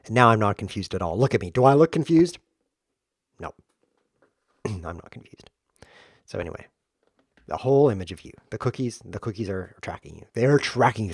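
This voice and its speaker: Man, chess stream host, animated swooping voice, dry close sound, deadpan jokey rambling. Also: fairly low pitch, moderate pace, no room sound. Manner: playful, deadpan tangents and mock lectures. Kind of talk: rambling comedic commentary while playing.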